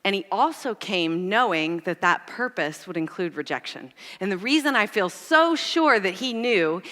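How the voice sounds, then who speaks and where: A woman speaker at a church, telling funny stories from her own life in an animated, self-deprecating way during a sermon. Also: medium pitch, moderate pace, long reverb tail. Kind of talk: storytelling sermon.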